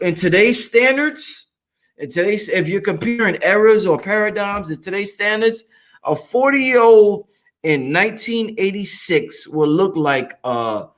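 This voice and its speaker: Guy hosting a livestream, talks kinda high, swears a lot, says stuff twice for emphasis. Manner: profane, emphatic, repeats lines for emphasis. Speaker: livestream host. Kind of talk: casual livestream monologue.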